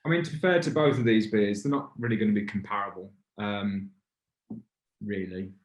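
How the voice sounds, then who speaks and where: A man's voice: lowish voice, moderate pace, echoey room. A man hosting a casual beer review in a pub, rambling and stopping to restart his thoughts. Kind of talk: casual chat.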